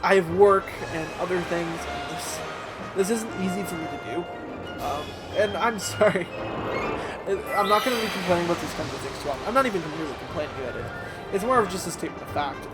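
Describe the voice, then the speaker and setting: A man's voice: high-pitched, fairly quick. A man hosting a let's play, talking in a hesitant, filler-heavy, self-deprecating way. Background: game music.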